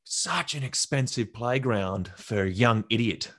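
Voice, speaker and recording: A man's voice: mid-range voice, measured pace, no room sound, clean studio sound. A young man, an actor being interviewed, telling stories casually and acting out what others said. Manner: animated, acts out quotes from others. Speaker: actor guest.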